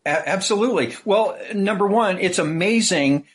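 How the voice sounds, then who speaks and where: Artist guy being interviewed, kinda husky and higher pitched, slow reflective halting talk. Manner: reflective, laughs easily, halting. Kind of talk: conversational interview.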